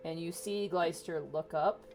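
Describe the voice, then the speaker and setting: A woman narrating a tabletop role-playing game as dungeon master, in a soft, unhurried way. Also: on the low side, soft background music.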